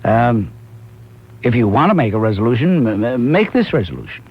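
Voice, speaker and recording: A man's voice: medium pitch, sing-song, normal speed, slightly rough. Man, call-in radio host, emphatic, muffled lo-fi broadcast sound. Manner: emphatic, exhorting listeners. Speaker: radio talk show host. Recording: muffled lo-fi 1990s AM radio recording.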